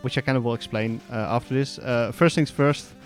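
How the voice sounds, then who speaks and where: A man's voice: mid-range voice, steady tone, a little fast. Dutch guy rambling thru his game run commentary, kinda hesitant, bit of music in the back. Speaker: speedrunner and commentator. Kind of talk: casual voiceover commentary on gameplay.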